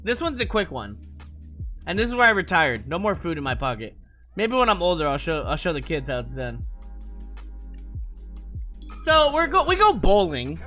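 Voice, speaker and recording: Lively, bright-voiced young man telling a story. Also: high voice, normal speed, long pauses, faint music behind. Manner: animated, profane, laughs while talking. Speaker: gamer telling stories. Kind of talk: casual storytelling.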